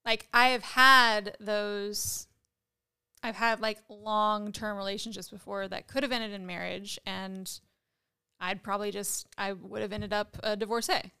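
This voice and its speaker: Bright, clear-voiced woman chatting. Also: mid-range voice, little pitch movement, a little slow. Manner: hesitant, filler-heavy, trailing off. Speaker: podcast co-host. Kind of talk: casual chat.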